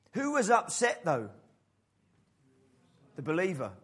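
A man preaching a sermon in an animated style, acting out the voices in the story. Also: a little high, normal speed. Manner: animated preaching, acts out the father's voice. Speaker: pastor.

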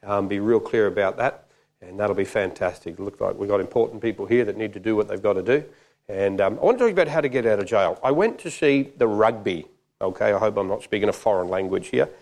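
A man's voice: on the low side, quick pace, darkish tone. A man preaching a jokey, conversational sermon.

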